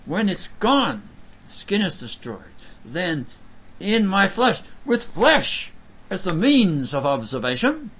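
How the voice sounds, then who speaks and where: A male preacher giving an emphatic sermon, swinging from loud bursts to soft, low lines. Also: wildly swooping pitch, slow, husky, poor audio.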